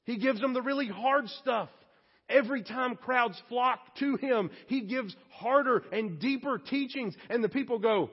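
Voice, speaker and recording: Man, pastor, high voice, sermon, casual and joking, echoey church hall. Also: normal speed, husky. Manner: conversational and joking, addresses the congregation directly. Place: church sanctuary. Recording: reverberant hall, slightly muffled.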